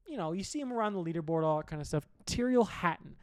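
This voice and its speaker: Rambling young man with a fairly high voice. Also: animated, quick pace, hardly any pauses, no room sound, clean studio sound. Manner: rambling, profane, conversational recap. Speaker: sports podcast host. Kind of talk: casual sports chat.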